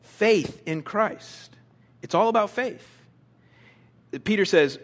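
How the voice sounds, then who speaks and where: A male pastor preaching an animated sermon, swinging from emphatic points to soft, quiet prayer. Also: sits high, slow, long pauses.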